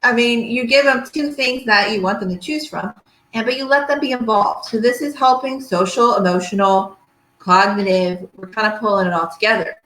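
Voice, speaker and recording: A woman's voice: fairly high pitch, normal speed, fairly bright tone, a little hiss or hum. A middle-aged woman, a pediatric physical therapist, giving a chatty workshop lecture to parents and often checking that her listeners follow. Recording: echoey room.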